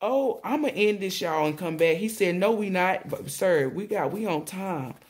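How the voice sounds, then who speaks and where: A woman tarot reader talking casually to viewers, rambling and excitable, often exclaiming and relaying messages in blunt slang with swearing. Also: fairly low pitch, moderate pace. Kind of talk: casual spiritual reading to viewers.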